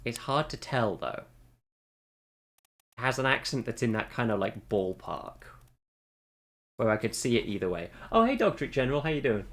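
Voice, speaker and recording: A man's voice: medium pitch, very animated, moderate pace, pauses often, fairly bright tone. A man streaming a game, who talks to himself in a casual, rambling way and often corrects himself. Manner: thinks aloud, rambling and self-correcting. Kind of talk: casual gameplay commentary.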